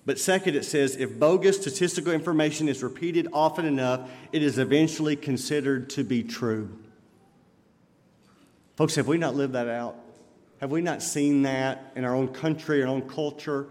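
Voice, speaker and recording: Male pastor, earnest sermon delivery, slightly high voice, long church reverb. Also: normal speed, a little mellow. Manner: earnest preaching, rising emphatic on scripture. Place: church sanctuary.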